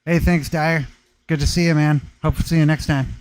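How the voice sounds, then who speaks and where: A man's voice: a little high, fairly even intonation, brisk, clear, resonant tone, rough recording. A man hosting a casual live chat from his stone-working workshop, laid-back and slangy, laughing often. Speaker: workshop vlogger talking to live viewers.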